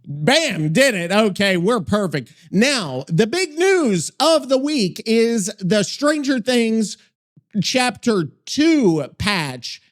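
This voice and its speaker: Rambling, foul-mouthed podcast host, high voice. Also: male voice, very animated, takes it slowly. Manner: rambling, swears a lot, self-interrupting. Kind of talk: casual profane podcast chat.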